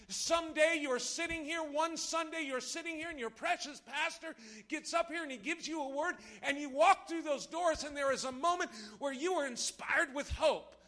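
A man preaching a sermon in church, impassioned and playful with the congregation, swinging from shouts to hushed lows. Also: moderate pace. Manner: impassioned, rising to shouts, then dropping low. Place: church service before a congregation.

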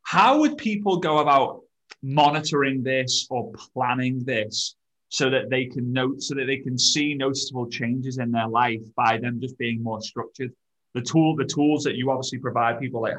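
A man's voice: mid-range voice, fairly even intonation, normal speed, fairly bright tone, poor audio. A man hosting a podcast, chatting eagerly with a guest and often restarting his sentences. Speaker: podcast host. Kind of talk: casual interview chat.

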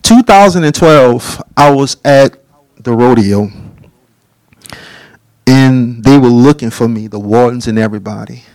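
A middle-aged man preaching a testimony, telling his story in an animated way and acting out the dialogue. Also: medium pitch, measured pace, long pauses, dry recording. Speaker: speaker giving a testimony.

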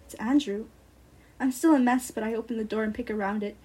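A woman's voice: a little high, brisk, darkish tone, breathy edge. A young woman reading a first-person short story aloud in an earnest, breathless way. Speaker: student reader.

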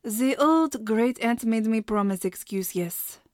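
A woman's voice: a little high, expressive, takes it slowly, no echo, studio quality. A woman voicing a dreamy cafeteria chef.

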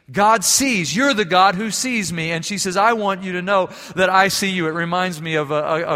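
A man preaching a sermon as pastor, telling stories and moving between quiet, hushed passages and emphatic ones. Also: sits high, big-room sound.

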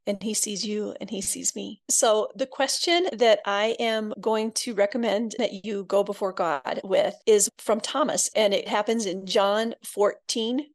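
A woman from Iowa speaks as a podcast guest, telling her faith story with earnest, heartfelt warmth. Her voice sits at a middling pitch, and she drops softer and quieter when she turns intimate. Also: fairly even intonation, a little slow, hardly any pauses. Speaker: guest author.

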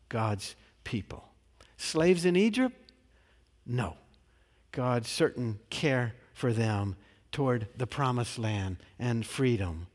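A male pastor preaching a sermon in a measured, emphatic way, posing rhetorical questions and answering them. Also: mid-range voice. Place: large church sanctuary. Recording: long reverb of a large church.

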